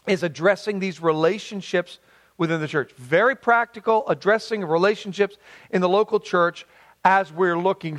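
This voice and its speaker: A male pastor preaching a sermon, lively and conversational, slowing down for emphasis and dropping lower when reading scripture aloud.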